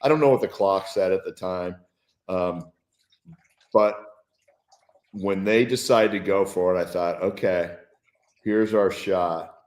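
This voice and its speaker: A man's voice: deep voice, unhurried, long pauses, a little mellow. A man appearing as a guest football analyst, talking through plays in an enthusiastic, reflective way. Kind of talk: casual sports talk. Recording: roomy, echoey sound.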